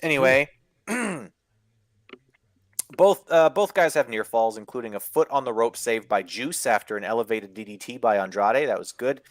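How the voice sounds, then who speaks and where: A man's voice: mid-range voice, normal speed, no echo. Man recapping wrestling, dry close sound. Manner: profane, excitable play-by-play recap. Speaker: podcast co-host recapping wrestling. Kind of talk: casual chat.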